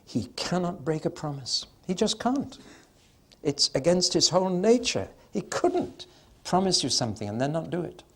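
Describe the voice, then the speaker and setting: A man's voice: on the high side, big pitch swings, normal speed, a bit bright. A man giving a Bible teaching talk to an audience, emphatic and conversational with dry humor, swelling suddenly on stressed words and drawing them out.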